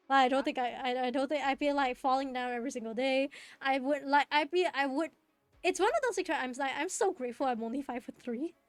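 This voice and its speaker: A woman's voice: sits high, fairly quick, no room sound, soft background music. A young woman streaming, chatting casually and rambling with lots of fillers, restarts and laughs. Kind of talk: casual chat while gaming.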